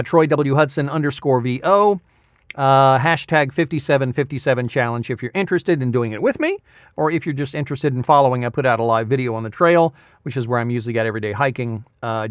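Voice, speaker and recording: A man's voice: mid-range voice, clear, resonant tone, dry recording, clean studio sound. A man in his fifties, a voice-over artist chatting in a rambling casual vlog recap with many fillers. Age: 50s.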